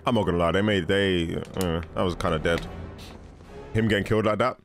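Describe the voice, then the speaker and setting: A young man giving casual, excitable commentary while watching a film, often laughing and exclaiming. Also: deep voice, quick pace, faint music behind. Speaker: movie reaction host. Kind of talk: casual movie reaction commentary.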